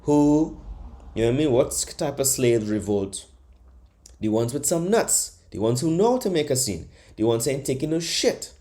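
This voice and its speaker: Male podcast host on a comic rant, mellow dark voice, brash, swears freely, mocks. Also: mid-range voice, moderate pace. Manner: animated, profane, mocking voices in bursts. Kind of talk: comedic monologue rant.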